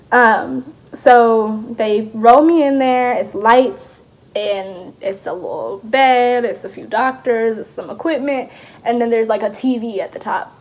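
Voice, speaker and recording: A young woman, chatting through a storytime vlog in a lively, animated way. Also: on the high side. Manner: chatty, animated retelling with laughs. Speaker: vlogger.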